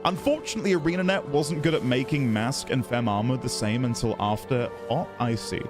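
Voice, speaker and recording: A man's voice: mid-range voice, fairly quick, over music. A man chatting casually on a live stream while playing a game, giggly and self-deprecating.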